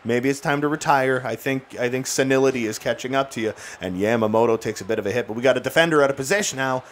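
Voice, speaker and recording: A man with an average-pitched voice gives running play-by-play of his own hockey video game. He jokes, teases his players, and breaks into excited shouts at big moments. Faint background noise sits under the recording. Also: fast. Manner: excitable, jokey, bursts into shouts and laughs. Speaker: gaming YouTuber.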